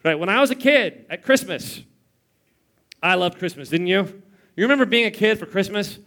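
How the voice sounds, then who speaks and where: A man's voice: high voice, expressive, normal speed, bright, forceful tone. A man in his thirties preaching a sermon in church, telling stories with playful mimicry and chuckles. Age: 30s. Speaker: pastor.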